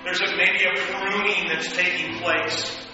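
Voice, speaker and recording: A man's voice: high-pitched, flat delivery, unhurried, music in the background. A man preaching a sermon as pastor, speaking conversationally and rising into fervent prayer. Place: church hall. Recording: echoey hall, dull sound, faint noise.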